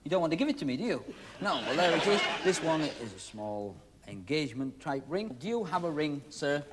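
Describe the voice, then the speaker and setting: A man's voice: on the high side, big pitch swings, a little fast, background noise. A male magician hosting a TV show, talking through a trick with jokey, teasing patter to audience volunteers. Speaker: magician host. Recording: 1970s TV broadcast with audience. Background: studio audience.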